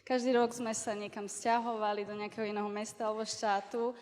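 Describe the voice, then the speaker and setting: A Slovak-speaking woman panelist talking in a measured, halting way about her business, paused for an interpreter. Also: medium pitch, little pitch movement, darkish tone. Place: large hall at a business event. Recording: reverberant hall.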